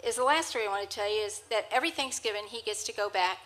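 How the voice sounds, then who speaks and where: Bright, chatty woman telling stories. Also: medium pitch, racing, poor audio. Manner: chatty, rambling, with restarts. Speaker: storyteller on stage. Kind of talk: live anecdotal storytelling. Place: presentation hall with an audience. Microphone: handheld microphone.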